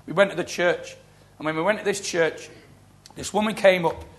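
A middle-aged man preaching a sermon, telling stories with lively quoted voices. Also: high voice, moderate pace. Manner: storytelling, animated, acting out quoted voices. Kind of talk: sermon with testimony.

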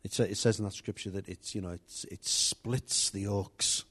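A male preacher speaks to his congregation in a loose, chatty way, restarting sentences and turning aside to address people in the room. His voice sits a little on the low side. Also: fairly even intonation, normal speed, a bit bright, husky. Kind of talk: informal sermon.

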